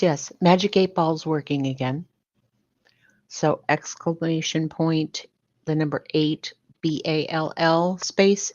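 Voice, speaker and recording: A woman's voice: lowish voice, a little mellow, no room sound. An older woman hosting a livestream, greeting viewers one by one and calling them sweetheart and baby. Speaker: livestream host. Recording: dull lo-fi sound.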